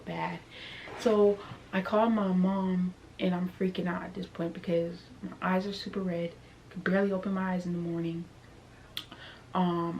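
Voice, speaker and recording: A woman's voice: mid-range voice, slight background noise. Chatty young woman telling a storytime. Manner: chatty and animated, heavy on fillers like "like" and "you know what I'm saying". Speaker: vlogger. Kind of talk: casual storytime.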